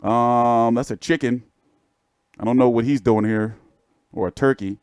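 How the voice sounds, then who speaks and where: A man's voice: mid-range voice, fairly even intonation, unhurried, a little mellow, smooth, dry recording. A man hosting a boxing livestream, chatting loosely and cracking profane jokes while showing pictures. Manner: joking, profane, rambling show-and-tell. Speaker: boxing channel host. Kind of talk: casual livestream chat.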